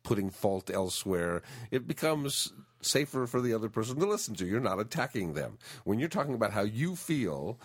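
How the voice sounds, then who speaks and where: A man giving relationship advice in an earnest, explanatory way, restarting phrases as he thinks. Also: mid-range voice.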